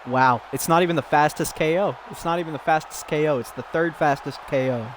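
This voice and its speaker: A man casually commentating a fighting game, excitable and giggly, rambling between calls. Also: fairly high pitch, a little fast, a faint crowd, slight background noise.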